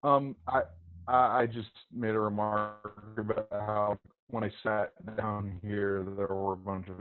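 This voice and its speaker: A man's voice: fairly low pitch, flat delivery, a little slow, soft background music. Hesitant man on a tinny call. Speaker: student. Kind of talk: casual remark in a seminar. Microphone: video call.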